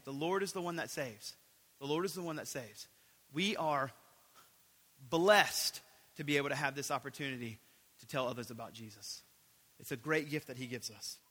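Pastor guy preaching in a church, kinda high bright voice, echoey hall, repeats lines to drive it home. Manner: earnest, repeats key phrases for emphasis. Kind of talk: sermon. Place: church sanctuary.

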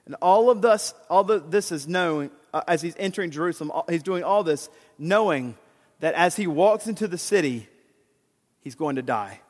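A man preaching a sermon who reads scripture slowly and builds from hushed tones to fervent shouting. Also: on the high side, lively intonation, in a large hall. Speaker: pastor.

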